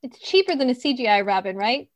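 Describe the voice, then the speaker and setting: A woman co-hosting a film podcast, with a voice a little higher than most. She is conversational and plain-spoken, with dry humor. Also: lively intonation, fast. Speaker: podcast co-host. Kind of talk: casual film review chat.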